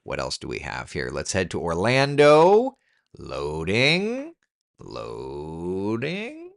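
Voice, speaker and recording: A man's voice: low voice, wildly swooping pitch, slow pace, gravelly. A man hosting a casual weather live stream, chatty and joking with viewers as he reads through the forecast. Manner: chatty, talks to the computer in mock frustration.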